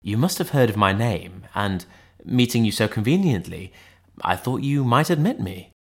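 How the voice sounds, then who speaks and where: A reserved, middle-aged lawyer, as a male reader puts him on speaks in a measured, formal manner. His voice sits low, and his questions are polite but probing. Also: lively intonation.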